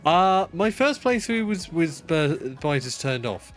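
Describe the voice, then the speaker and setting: A man's voice: fairly high pitch, big pitch swings, measured pace, fairly bright tone, soft background music. A man streaming a game live, chatting casually while he plays. He rambles, swears freely and mocks himself.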